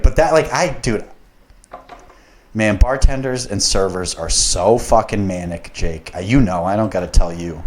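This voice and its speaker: A young man with a slightly low voice tells a workplace story on a podcast. He rambles and swears a lot, piling on fillers and asides. He gets heated as the story builds. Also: measured pace, a little hiss or hum. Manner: profane and rambling, gets worked up. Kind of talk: casual storytelling.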